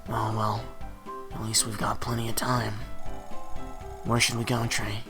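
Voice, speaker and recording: A man voicing a boyish companion in a video game, reading the lines in a plain, low-key way. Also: completely flat delivery, a little slow, music in the background, lightly acted. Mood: easygoing.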